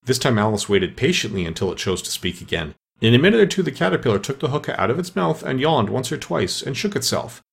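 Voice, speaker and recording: A man narrating a storybook in a lively, expressive reading voice. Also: mid-range voice, fast talker, creaky, few pauses.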